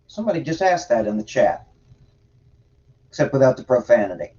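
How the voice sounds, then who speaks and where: A man's voice: medium pitch, sing-song, fairly quick, warm tone, recorded from a distance, lo-fi sound, slight background noise. A man hosting a livestream, reading scripture aloud and adding sarcastic, profane commentary in a drawling manner.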